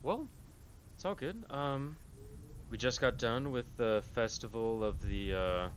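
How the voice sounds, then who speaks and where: A man's voice: mid-range voice, animated, unhurried. A man narrating as game master, hesitant and full of fillers. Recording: faint background noise.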